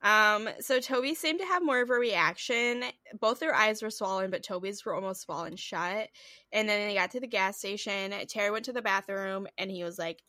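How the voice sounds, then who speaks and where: A woman's voice: medium pitch, pushed and bright, no echo, studio quality. A woman co-hosting a podcast, telling a spooky story in a loose, casual way, full of "like"s and swearing. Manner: loose retelling with many "like"s and swearing. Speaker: podcast co-host.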